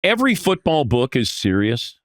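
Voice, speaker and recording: A man's voice: medium pitch, big pitch swings, normal speed, no room sound. A man in his sixties, a sports broadcaster guest on a podcast, telling stories casually and acting out the people he quotes. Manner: storytelling, acts out quoted voices, self-deprecating.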